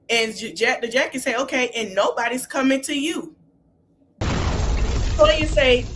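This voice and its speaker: A woman hosting a podcast, casually recapping a reality show reunion and animatedly acting out what the cast said. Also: high voice. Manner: animated retelling, acting out quotes with exclamations. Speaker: podcast host.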